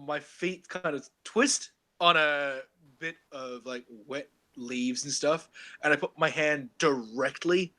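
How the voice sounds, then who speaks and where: A man's voice: a little high, bright, forceful tone. A man playing a tabletop role-playing game, rambling and laughing as he describes his character's clumsy actions. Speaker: player. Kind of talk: casual tabletop role-play.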